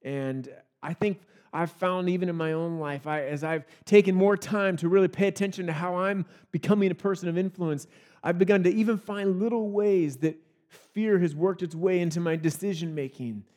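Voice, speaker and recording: Chatty pastor, a man with a higher voice. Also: normal speed, a little mellow. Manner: conversational, with frequent restarts and small laughs. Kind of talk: sermon.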